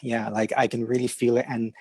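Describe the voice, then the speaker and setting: A man's voice: mid-range voice, little pitch movement, a little fast, creaky, a little mellow, slightly rough, dry recording. A man from Canada, a podcast guest and illustrator, talking casually with a stutter, many fillers and restarts, and easy laughter. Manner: laughs easily. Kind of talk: casual conversation.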